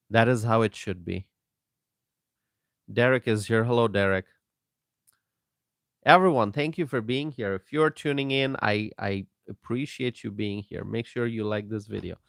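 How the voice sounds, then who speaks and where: Slow, emphatic man hosting a live stream. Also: medium pitch, clean tone, no room sound, studio quality. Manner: slow, emphatic, repeats himself, greets viewers by name. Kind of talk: political commentary live stream.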